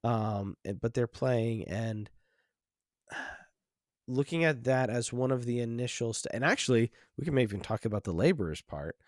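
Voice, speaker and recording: A man's voice: mid-range voice, animated, moderate pace, no room sound, clean studio sound. A man hosting a film podcast, talking casually and reflectively with lots of restarts and "like"s. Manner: rambling, many restarts and fillers, reflective. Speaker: podcast host.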